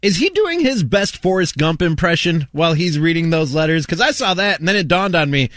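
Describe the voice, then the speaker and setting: Male podcast co-host, lively intonation, joking and speculative. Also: a little high, a little fast, no echo, studio quality. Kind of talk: casual movie discussion.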